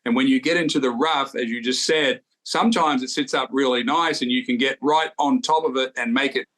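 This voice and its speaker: An older man with an Australian accent, co-hosting a golf podcast and telling stories from his playing days in a relaxed way. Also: mid-range voice, fairly quick, poor audio. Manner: relaxed storytelling with golf detail. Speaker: golf podcast co-host, former tour winner. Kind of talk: casual golf chat.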